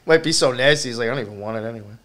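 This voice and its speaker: A podcast host chats casually at a racing pace, his medium-pitched voice a bit bright. He tells a story loaded with swearing.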